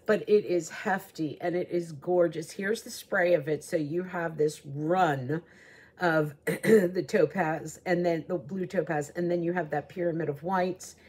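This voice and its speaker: A woman's voice: fairly low pitch, fairly even intonation, measured pace, a little mellow, husky. A woman hosting her own jewelry show, talking in a chatty, gushing way with many fillers. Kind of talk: casual jewelry showcase talk.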